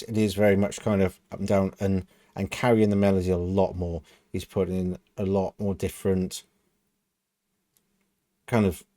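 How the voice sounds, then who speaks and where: A man reacting to a track, talking through his thoughts in a loose, meandering way and often reaching for "kind of" and "you know". His voice sits a little low and sounds mellow and relaxed. The sound is dry and close, with no room echo. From United Kingdom. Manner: musing, thinking aloud with many "kind of" and "you know". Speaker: music reaction host. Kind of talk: casual reaction commentary.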